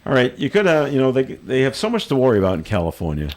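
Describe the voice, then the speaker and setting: A man's voice: medium pitch, huge pitch swings, quick pace, darkish tone. A man with a mid-range voice co-hosting live talk radio. He chats easily and reads news items plainly. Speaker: radio co-host. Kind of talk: casual on-air chat and news reading.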